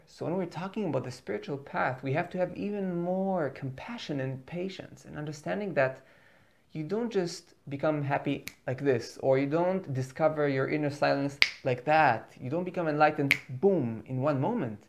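A man's voice: on the high side, creaky, darkish tone. A man giving an earnest motivational spiritual talk as a teacher, repeating words for emphasis.

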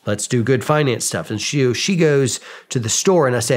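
A man in a podcast studio, telling stories about himself in a casual way. His voice sits at a middle pitch. He pokes fun at himself and acts out quoted lines with lively energy. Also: normal speed. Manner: self-mocking, lively, acts out quoted dialogue. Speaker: podcast guest. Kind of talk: casual storytelling.

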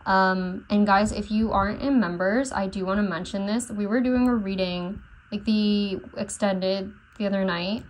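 A woman's voice: medium pitch, moderate pace, few pauses, poor audio. A woman tarot reader talking in a casual, rambling way, full of fillers and unsure asides as she channels messages. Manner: rambling, unsure, many fillers and self-corrections.

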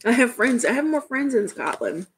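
A woman's voice: a little high, sing-song, moderate pace, slight background noise, low-quality recording. A woman with a Southern US accent chatting casually with her live-stream chat at home, laughing often. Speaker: vlogger reading live chat. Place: home room.

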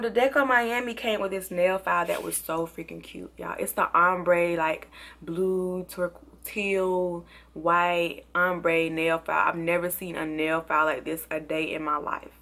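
A woman's voice: on the low side, sharp tone. A woman with a Southern US country accent, chatting casually in a product review vlog and often saying y'all. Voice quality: chatty, says y'all a lot. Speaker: beauty vlogger.

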